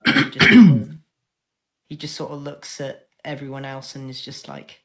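A woman's voice: very deep voice, level tone, moderate pace. A woman playing a tabletop game over online voice chat, describing what her character does, hesitant and full of "sort of"s. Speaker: player.

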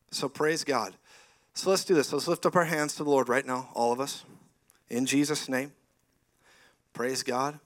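A male preacher with a bright, forceful voice sitting a little high for a man. He delivers a lively sermon in a church hall, leading the congregation in call-and-response. He drops into animated stories and laughs along the way. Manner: call-and-response, has congregation repeat phrases.

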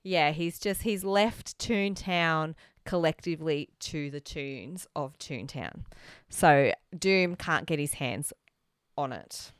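Low, smooth-voiced chatty woman. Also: slow pace, dry recording, clean studio sound. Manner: chatty, laughs often, restarts mid-word. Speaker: podcast co-host. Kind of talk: casual chat.

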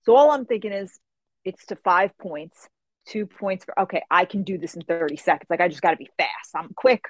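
Young woman, animated storyteller, acts out the people she mentions, casual swearing, dry close sound. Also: fairly low pitch, brisk, dry recording. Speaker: guest.

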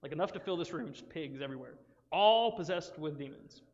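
Young male youth speaker, higher voice, joking and animated, hall echo. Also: fairly quick. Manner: joking, animated, self-interrupting. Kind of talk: casual, joking sermon. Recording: dull sound with long hall reverb.

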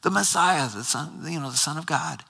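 A man voicing an indignant high priest who presses for an answer and cries out in outrage. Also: normal speed, creaky, pushed and bright, slightly rough, heavily acted. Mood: demanding. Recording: long hall reverb.

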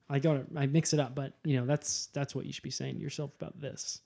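Rambling mellow-voiced man, podcast host. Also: medium pitch, quick pace, vocal fry. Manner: rambling, animated, swears freely. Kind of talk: comedic podcast chat.

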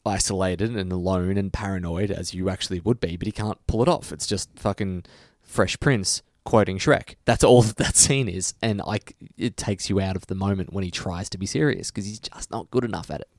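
A man's voice: sits low, normal speed, few pauses, a little mellow, no room sound, studio quality. A man co-hosting a podcast in casual chat, ranting heatedly with profanity and restarts. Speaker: podcast co-host.

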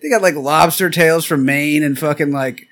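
A man in casual banter, making deadpan joke claims with slang and swearing. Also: fairly high pitch, normal speed. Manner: deadpan conspiracy joking, slangy.

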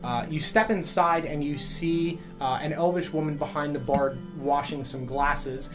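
Game master describing scenes, casual and rambling, with soft guitar in the background. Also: mid-range voice, fairly even intonation, measured pace. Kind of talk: narrating a tabletop game.

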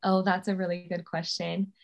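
A woman's voice: fairly low pitch, flat delivery, moderate pace, vocal fry, slight background noise. A woman in her thirties, a guest on a podcast, talking in a chatty, candid way and laughing often. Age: 30s. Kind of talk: casual interview chat.

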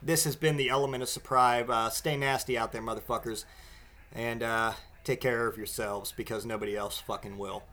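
A man's voice: mid-range voice, fairly even intonation, normal speed, sharp tone. A man hosting his own podcast, ranting in a casual comedic way and swearing almost every other word. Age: adult father. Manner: profane, rambling, swears constantly. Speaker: podcast host.

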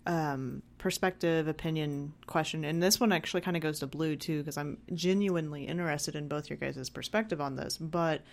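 A woman's voice: deep voice, steady tone, moderate pace, creaky, few pauses. A woman co-hosting a podcast, curious and asking guests questions. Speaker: podcast co-host. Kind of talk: casual podcast chat.

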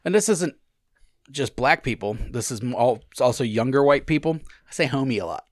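A man's voice: a little fast, no room sound, clean studio sound. A younger man hosting a podcast, talking casually and laughing often. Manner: animated, laughing, swings up in pitch. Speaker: podcast host. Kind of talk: casual chat.

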